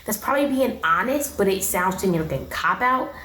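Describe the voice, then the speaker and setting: A woman's voice: mid-range voice, expressive, brisk, sharp tone, reverberant, poor audio. A young woman giving a casual, opinionated recap of a reality show in a slangy, chatty way.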